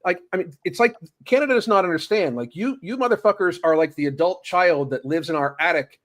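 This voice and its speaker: A man's voice: high-pitched, fairly quick, a bit bright. A man co-hosting a live-streamed talk show, speaking bluntly and profanely with indignation. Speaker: podcast co-host. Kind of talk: heated casual rant.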